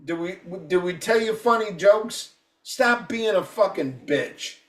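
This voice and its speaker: A man in his fifties, co-hosting a casual podcast, rants in a combative, profanity-heavy way. His high, expressive, fairly bright voice is unhurried and sits far from the mic in an echoey room.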